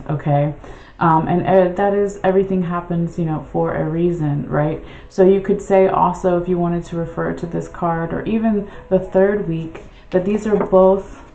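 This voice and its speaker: Low-voiced chatty woman reading tarot. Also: a little mellow, echoey room, highs cut off, a little hiss or hum. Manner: chatty, rambling, self-correcting with many "okay?" checks. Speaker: tarot reader. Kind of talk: casual tarot reading livestream.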